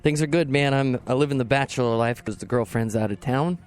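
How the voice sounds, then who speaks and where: A man's voice: medium pitch, brisk, a little mellow, clear, resonant tone, faint music behind. A man co-hosting a podcast as its producer, laid-back and jokey in casual chat. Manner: laid-back, jokey, does silly voices. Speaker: co-host, producer.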